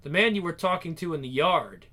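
A man's voice: a little high, expressive, fairly quick, pushed and bright. A man voicing a worried middle-aged father who broods in a tense inner monologue in an amateur voice-acted drama. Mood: suspicious.

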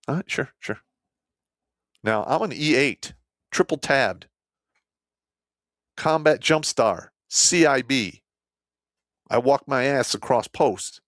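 Male army vet, middle-pitched voice, dry close sound, casual storyteller, swears constantly, jumps between loud and quiet. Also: dry recording. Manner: blunt, heavily profane; animated, swings between loud outbursts and low asides. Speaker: army veteran telling a war story.

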